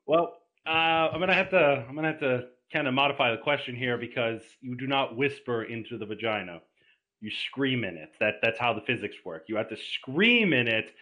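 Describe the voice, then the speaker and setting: Bright-voiced man telling crude stories. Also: mid-range voice, moderate pace, poor audio. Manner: bawdy, animated storytelling with shouted punchlines. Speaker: podcast guest. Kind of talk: casual crude podcast chat.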